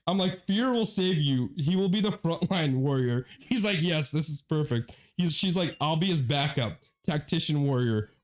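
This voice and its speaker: A young man is co-hosting a casual podcast and retelling a story with lots of energy. His voice sits a bit high, and he acts out his friends' lines and curses freely. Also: moderate pace, hardly any pauses. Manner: animated storyteller, quotes friends in their voices, swears a lot. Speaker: podcast co-host.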